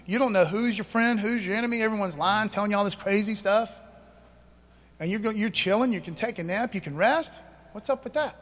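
A man's voice: sits high, a little fast, a bit bright. A man pastor preaching a sermon in a church, casual and conversational, full of slang and questions to the congregation. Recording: long hall reverb.

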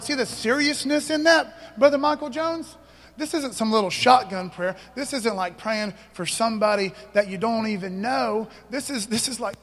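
A man preaches to his congregation in an easy, conversational way, tossing out slang and asking the room questions. His voice sits high for a man. The sound rings out in a church hall with a long, trailing reverb. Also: moderate pace, fairly bright tone. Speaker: pastor. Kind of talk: sermon.

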